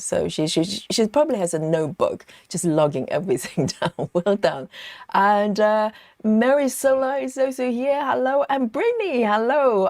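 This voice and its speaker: A woman hosting a live cross-stitch stream, greeting viewers by name in a chatty, upbeat way, her voice jumping higher on greetings. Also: dry recording. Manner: lively pitch jumps when greeting. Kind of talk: casual live-stream chat.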